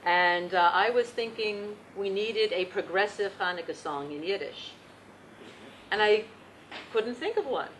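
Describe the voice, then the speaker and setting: A woman leading a Yiddish singing workshop, explaining patiently and gently, with occasional fillers. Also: mid-range voice, animated, unhurried, slight background noise, poor audio. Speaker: Yiddish song leader.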